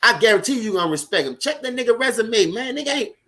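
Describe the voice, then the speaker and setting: A high-voiced man with a New Orleans accent talks loud and fast over a live football game. He swears freely as he reacts to the plays and answers his viewers by name in an easygoing, animated way. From Louisiana. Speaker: sports stream host. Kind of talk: casual live sports commentary.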